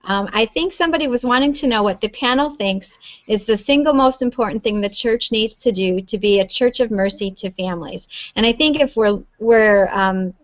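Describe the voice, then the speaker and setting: A woman with a fairly high voice moderates a panel. She hands over questions in a loose, friendly way, with some fillers. The sound is dry and dull. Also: moderate pace, few pauses, no room sound.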